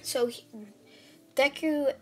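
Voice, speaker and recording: Lady rambling thru a fan story, bit high voice, soft music playing under. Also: fairly even intonation, takes it slowly. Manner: rambling, many fillers and restarts. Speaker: channel host. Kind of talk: casual fan-fiction storytelling.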